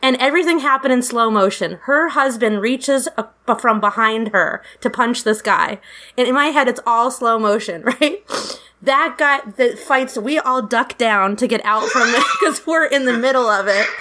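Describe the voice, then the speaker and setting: A middle-aged woman casually telling a profane, animated story about a fight at a concert. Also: on the high side, moderate pace. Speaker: guest storyteller.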